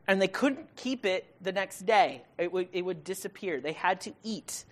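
A preacher giving a casual, conversational sermon, asking rhetorical questions and paraphrasing in modern slang, building to loud emphatic bursts. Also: mid-range voice, animated, normal speed, few pauses.

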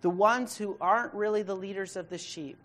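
Speaking a little fast in a mid-range voice, this preacher reads a scripture passage and then unpacks it, leaning hard on key words and shifting from loud emphasis to near-whispers.

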